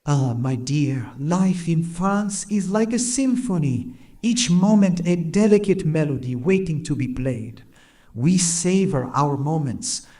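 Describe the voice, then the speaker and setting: A synthetic male voice sample reading a short scripted passage in an even, smooth delivery. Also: fairly high pitch.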